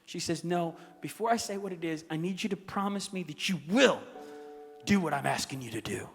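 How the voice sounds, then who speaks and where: A man's voice: sits high, a little fast, gravelly. A male pastor voicing a frail, dying woman who pleads faintly and insistently. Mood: pleading. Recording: echoey hall with music underneath.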